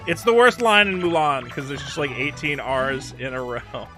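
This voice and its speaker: A man streaming a video game, chatting casually in a rambling, profane way with quick asides. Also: fairly high pitch, sharp tone. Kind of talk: casual gameplay chat. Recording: clear game music underneath. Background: game music.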